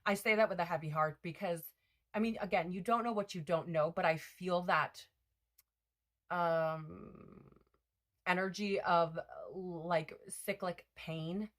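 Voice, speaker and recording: A woman's voice: on the low side, fairly even intonation, takes it slowly. A woman giving a casual spiritual card reading, rambling with lots of fillers and self-corrections. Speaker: tarot reader.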